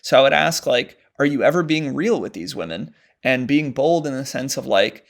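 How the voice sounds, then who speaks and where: A male dating coach talks through a question in a relaxed, conversational way, dropping plenty of "um"s and "like"s. His voice has a noticeable gravelly fry at mid pitch. The delivery is unscripted and loose. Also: moderate pace, few pauses. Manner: casual, conversational, frequent "um" and "like". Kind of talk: advice monologue answering a question.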